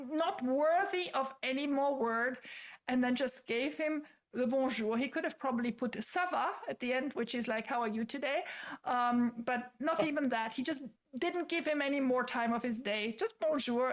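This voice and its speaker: A woman whose first language is French, giving animated opinions in a casual chat, repeating words and laughing often. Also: on the high side. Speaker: guest commentator.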